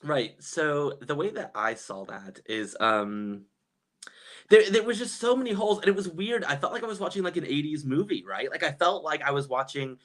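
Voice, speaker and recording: A man chatting casually on a live stream, gossipy and quick to laugh, reading viewers' comments aloud and reacting. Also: fairly high pitch, a bit bright.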